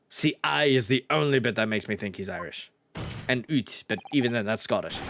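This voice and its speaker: A man's voice: medium pitch, lively intonation, fairly quick, fairly bright tone, a little hiss or hum. A man streaming a video game, giving wry, sarcastic casual commentary. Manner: wry, sarcastic, swears freely.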